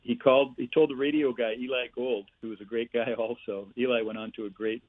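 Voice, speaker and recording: A man's voice: mid-range voice, fairly quick, dry recording. Man telling hockey stories over phone. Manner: animated anecdotes with laughs and "eh" tags. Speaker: guest, former player and coach. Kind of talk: storytelling interview. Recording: tinny phone-like line.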